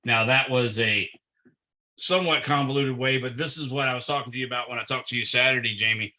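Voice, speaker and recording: A man's voice: mid-range voice, a little fast, bright, forceful tone, low-quality recording. A man tutoring physics, working through a problem step by step and thinking aloud with fillers.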